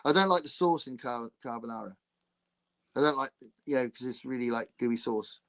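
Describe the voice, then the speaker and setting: Over a video call, this podcast host from England keeps things casual, talking at a moderate pace with a mid-range voice. He laughs frequently and often starts his sentences over in his lively, chatty way.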